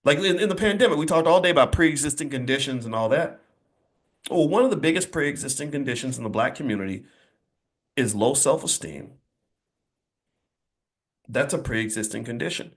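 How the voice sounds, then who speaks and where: Here a middle-aged man gives an audience a preachy, emphatic motivational speech, animating his stories with energy. His voice is a little high, his pace moderate, and he pauses often.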